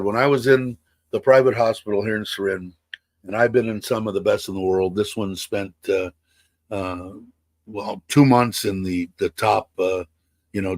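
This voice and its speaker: A man in his sixties with a lowish voice hosts a casual livestream from his home in Thailand. He rambles with plenty of fillers and restarts, and the recording is dry.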